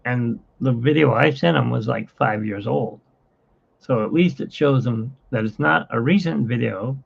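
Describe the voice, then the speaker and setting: Broadcasting from his phone, a livestream host rambles and chats, laughing frequently, in muffled lo-fi audio. His voice sits mid-range, husky and marked by vocal fry.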